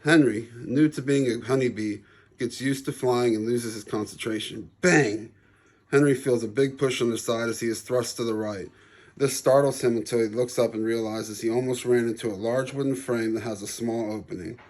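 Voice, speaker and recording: A man, the author, reading his children's storybook aloud in a calm, even storytelling manner. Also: mid-range voice, normal speed.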